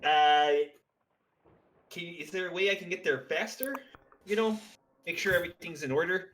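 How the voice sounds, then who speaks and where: A man's voice: high-pitched, moderate pace, fairly bright tone, reverberant. A man playing a tabletop game, talking in a rambling drawl with many uhs. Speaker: player.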